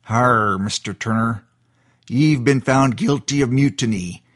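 A man voicing a gruff male space pirate captain who growls in old pirate talk. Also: medium pitch, unhurried, a bit bright. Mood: menacing.

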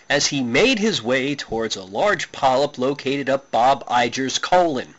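A man reading his own comic short story aloud with a wry, deadpan delivery. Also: medium pitch, unhurried, dull audio, a little hiss or hum.

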